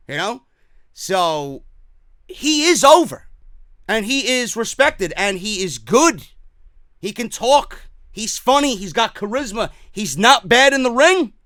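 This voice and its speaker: A man's voice: high-pitched, a bit bright, no room sound. A man with a New York accent hosting a wrestling talk show, giving blunt, profane, emphatic opinions in casual commentary.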